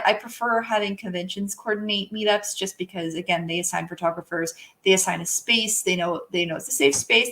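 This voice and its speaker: A woman's voice: on the low side, a bit bright. Chatty woman co-hosting a livestream. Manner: chatty, laughs often, trails off and corrects herself. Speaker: podcast co-host. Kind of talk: casual livestream chat.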